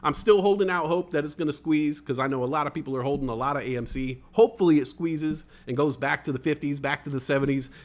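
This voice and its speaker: A man hosting a casual livestream podcast, reading chat comments aloud and rambling excitedly, swearing now and then. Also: fairly high pitch, fast, hardly any pauses.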